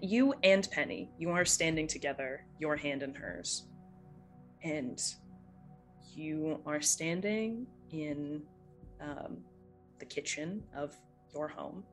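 A game master narrating a tabletop role-playing scene in an unhurried, filler-laden way. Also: medium pitch, fairly bright tone, poor audio.

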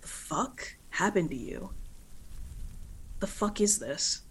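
Brief: woman playing fierce young female brawler, higher and louder than her narration, cursing, indignant. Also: lively intonation, takes it slowly, husky, heavily acted. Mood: baffled anger.

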